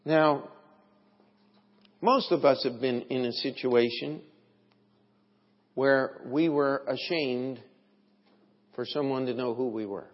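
A man preaching a sermon as pastor, slow and deliberate, with emphatic swells in his delivery. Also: mid-range voice. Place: church sanctuary. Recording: dull, lo-fi, long hall reverb.

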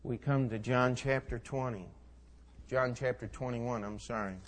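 A male preacher delivering a sermon, retelling scripture with folksy asides and dramatic swings between soft and loud. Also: medium pitch, steady tone, unhurried.

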